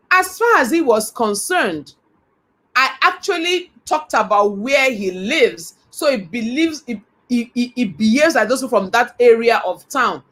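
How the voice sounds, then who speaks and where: A middle-aged woman with a Nigerian accent delivers a motivational talk. Her voice sits a little high. She tells her stories with animation and earnest conviction. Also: a bit bright. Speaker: motivational speaker.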